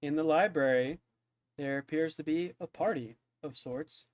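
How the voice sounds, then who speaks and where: A man's voice: a little high, moderate pace. A man running a tabletop game as game master, narrating casually with lots of ums and likes. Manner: casual, filler-heavy narration. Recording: dull dry lo-fi mic.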